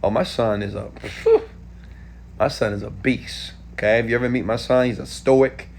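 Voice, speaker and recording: A man in his thirties from Houston, Texas, answering viewer questions in a casual live stream, animated and talking straight to viewers. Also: medium pitch, brisk, vocal fry, slight background noise. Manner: animated, talks straight to viewers with frequent "okay?".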